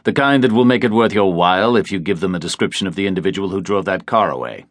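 Man doing a British private operative in an audiobook, low, clipped, probing. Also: fast, dry recording, studio quality, natural voice. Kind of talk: audiobook character reading.

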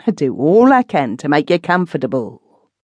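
A woman voicing a scheming middle-aged housekeeper in an audiobook, dry and quietly menacing. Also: sits low, very animated, normal speed, slightly rough, no echo, lo-fi sound, full character voice. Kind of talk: audiobook reading.

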